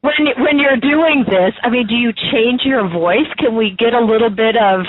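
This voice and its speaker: A woman's voice: a little high, moderate pace, over a noisy crowd. A woman co-hosting a radio talk show, asking questions in an amused, laughing way. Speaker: radio co-host. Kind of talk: casual radio interview. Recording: tinny phone-line sound.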